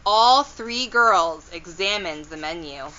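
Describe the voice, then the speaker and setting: A woman reading a children's storybook aloud, gentle and expressive. Her pace is slow and unhurried and her voice bright. The recording has a slightly dull, lo-fi sound. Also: fairly low pitch.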